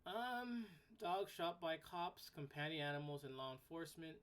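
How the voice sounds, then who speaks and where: A woman's voice: low-pitched, lively intonation, normal speed. A woman hosting a solo podcast, ranting bluntly, swearing casually and repeating herself when worked up. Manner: repeats words and restarts sentences when worked up. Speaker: podcast host.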